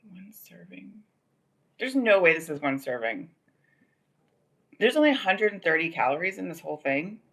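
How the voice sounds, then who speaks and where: Speaking at a fairly low pitch, this woman has a sing-song, brisk delivery and pauses often. As a livestream host in the Los Angeles area, she tells a long personal story in a casual, rambling way, leaning heavily on "like" and "um."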